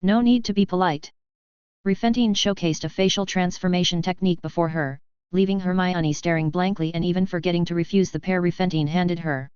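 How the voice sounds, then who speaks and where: A woman narrating a fantasy audiobook in an even, steady reading. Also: lowish voice, a little fast, clean tone, no room sound, lo-fi sound. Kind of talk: scripted narration.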